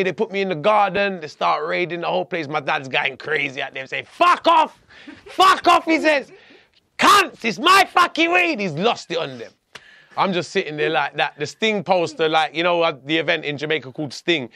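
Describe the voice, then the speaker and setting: A man telling a personal story as a podcast guest, blunt and animated, often restarting his sentences. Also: fairly high pitch, vocal fry, dry recording, studio quality.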